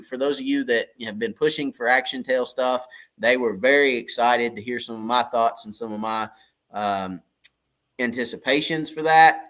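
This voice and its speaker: A man's voice: medium pitch, a bit bright. A middle-aged man, hosting a casual fishing livestream in a folksy, rambling way and greeting viewers by name. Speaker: fishing channel livestream host.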